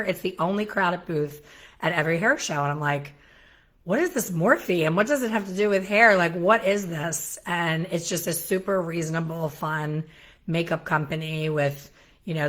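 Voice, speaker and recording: A middle-aged woman with a slightly low voice hosts a casual solo talk. She is chatty and self-deprecating, and she often breaks into animated asides. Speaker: hair colorist educator, show host. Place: home in Florida.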